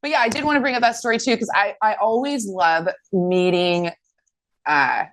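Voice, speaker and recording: A woman's voice: mid-range voice, normal speed. A woman co-hosting a podcast, telling stories in a casual chat, acting out what people said and swearing freely. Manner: animated storytelling, acting out quotes, swearing. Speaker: podcast co-host.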